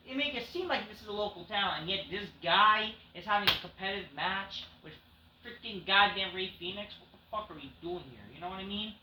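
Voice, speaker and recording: A man's voice: high-pitched, pushed and bright. A man reviewing a wrestling show in a rambling, sarcastic, profane casual recap. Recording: echoey room, faint noise.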